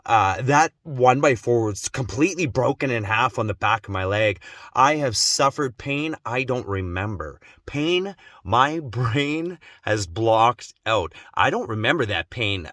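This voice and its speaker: A man's voice: medium pitch, expressive, dry recording, clean studio sound. Intense, emotional man telling his story. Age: adult, has children. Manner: emotional, intense, slows and quiets when grave. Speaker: vlogger. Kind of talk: personal storytelling.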